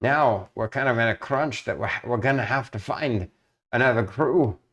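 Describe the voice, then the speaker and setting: A man doing a fretful guild master in a tabletop game, his voice pushed a bit higher than the man's own and a touch louder. He rambles and stammers through his worries, circling back on himself. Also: moderate pace, natural voice. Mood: worried. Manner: stammering, fretful, long-winded.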